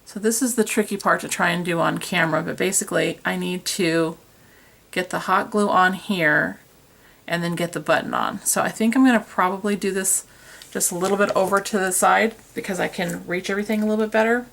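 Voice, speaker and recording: Filmed on a tripod camera, this craft tutorial host chats as she works, poking fun at herself. Her voice is on the low side, creaky and a bit bright, with fairly even intonation and a slightly fast pace.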